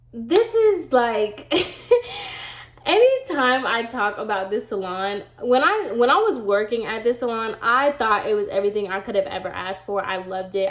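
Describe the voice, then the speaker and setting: Young woman vlogger, stuffy from a cold, rambling storytime chat, roomy home echo. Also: mid-range voice. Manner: chatty, rambling, lots of "like" and "y'all". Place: home room.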